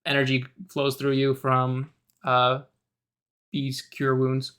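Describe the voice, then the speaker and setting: A game master narrating a tabletop game in a relaxed way, with many hesitant fillers. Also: mid-range voice, takes it slowly, clear, resonant tone.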